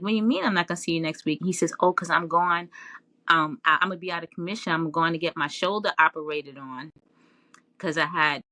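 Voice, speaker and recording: A woman recounting her past as an interview guest, animated and quick to laugh, with lines she quotes pitched up high. Her voice sits a little low but has a bright, forceful edge. The sound is close and dry. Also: no room sound. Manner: animated, laughs often, quoted dialogue in a raised voice. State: tearful at times. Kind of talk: casual storytelling interview.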